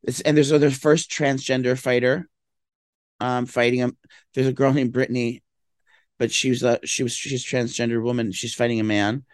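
A man in casual chat, groggy and slow after a late night out, rambling with lots of fillers and bursts of mock toughness. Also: mid-range voice, flat delivery, no echo, studio quality.

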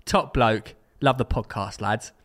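A man's voice: fairly low pitch, a little slow, fairly bright tone. A man co-hosting a casual football podcast, reading out listener stories and running a quiz. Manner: reads listener stories and runs a quiz, laughing often. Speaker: podcast co-host.

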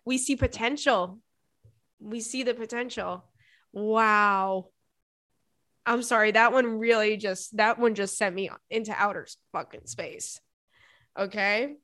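A woman's voice: on the high side, a little slow, pushed and bright, dry recording, clean studio sound. A woman hosting an advice podcast, reading listener letters and reacting with frequent laughter, swearing and dramatic apologies. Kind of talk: casual advice podcast chat.

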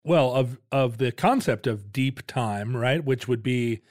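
A man hosting a podcast, asking questions and summing up points in relaxed chat. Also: mid-range voice, unhurried, dry recording, studio quality. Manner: asks leading questions and sums up the guest's points. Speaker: podcast host. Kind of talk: casual conversational podcast chat.

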